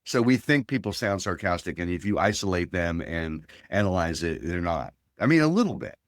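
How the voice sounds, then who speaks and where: A man's voice: low-pitched, sing-song, brisk, no echo, studio quality. A man as a guest researcher, explaining his work in a thoughtful interview with many fillers and restarts. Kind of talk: academic interview talk.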